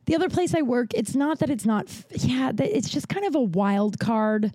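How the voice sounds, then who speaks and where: Young woman rambling thru a story, voices the people she quotes, mellow tone, dry close sound. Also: fairly high pitch, animated, moderate pace, dry recording. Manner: rambling, restarts, acts out quoted dialogue. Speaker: podcast host. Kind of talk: casual storytelling chat.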